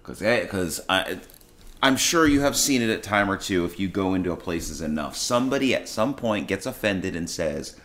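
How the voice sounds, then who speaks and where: A man's voice: low voice, expressive, moderate pace, a bit bright. A man hosting his own show, telling a blunt, exasperated story about a customer at the restaurant where he works. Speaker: podcast host and restaurant worker. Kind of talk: casual storytelling monologue.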